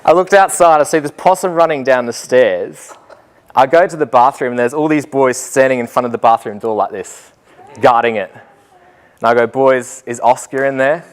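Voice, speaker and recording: A man's voice: medium pitch, moderate pace, clean tone. A man speaks at a conference in a mid-range voice. He tells his story with animation, jumping in and out of the voices of the people in it. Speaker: teacher giving a talk.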